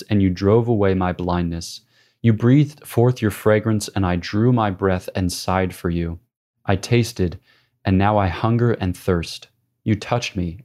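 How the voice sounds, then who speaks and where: Deep-voiced man reading prayerfully. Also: darkish tone. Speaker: reader. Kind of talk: scripted reading of a devotional classic.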